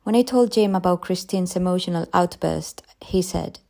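A woman narrating a ghost story in a measured, dramatic way for English learners. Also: on the low side, gravelly, darkish tone.

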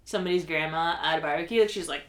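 A woman's voice: deep voice, rapid-fire. Wry young woman laughing in an echoey room. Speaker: podcast co-host. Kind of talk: casual recap chat.

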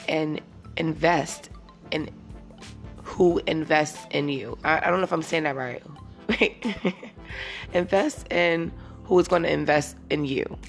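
A woman in her thirties hosting a casual solo podcast, talking candidly and rambling, sometimes teary and emotional. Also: sits low. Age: 30s. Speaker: podcast host.

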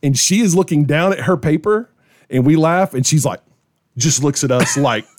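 Animated middle-aged man telling a story. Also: a little high, normal speed, dry recording, clean studio sound. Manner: animated storyteller, acts out quoted voices. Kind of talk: casual storytelling chat.

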